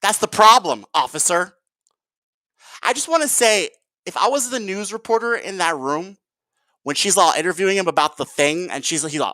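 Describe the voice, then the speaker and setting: A man's voice: sits high, lively intonation, fairly quick, pushed and bright, no room sound. A man ranting in a heated, profane vlog commentary and calling his viewers "guys". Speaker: video commentator.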